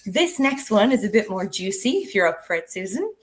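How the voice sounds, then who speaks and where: A woman at a middle pitch explains a classroom drama game step by step. She is instructive and practical, and she illustrates each point with an example. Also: sing-song, brisk, background noise. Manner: instructive, walks through steps with examples. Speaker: drama education trainer. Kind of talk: explanatory conversation.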